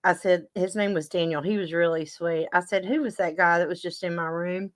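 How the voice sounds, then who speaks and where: Speaking a little fast in a lowish, steady voice, a woman hosting a show tells her viewers a story in casual live chat. She's chatty and reads their comments out loud.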